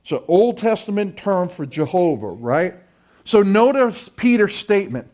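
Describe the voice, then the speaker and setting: High-voiced man preaching emphatically. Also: sing-song, moderate pace, a little mellow. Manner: emphatic preaching with call-and-response. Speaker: pastor. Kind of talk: sermon.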